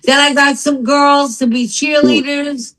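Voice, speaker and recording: Rich: An older woman with a voice pitched a little high tells her business story as an interview guest. She talks in an emphatic, animated way, leaning hard into her punch lines. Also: unhurried, low-quality recording.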